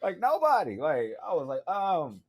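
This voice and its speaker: A man's voice: a little high, huge pitch swings, moderate pace. A man co-hosting a podcast, chatting casually with slang, rambling and laughing often. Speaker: podcast co-host.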